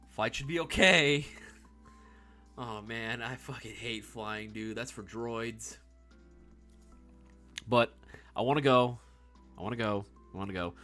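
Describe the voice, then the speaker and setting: A man's voice: medium pitch, bright, forceful tone. A man in his thirties chatting casually on a live stream, reading the chat, laughing often and calling people "bro" and "dude.".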